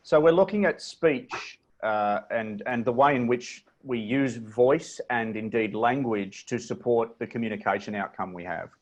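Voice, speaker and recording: Australian male presentation coach, measured and deliberate, mid-pitched, computer mic on a video call. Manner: measured, deliberate delivery with demonstrative inflections. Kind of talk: webinar coaching talk.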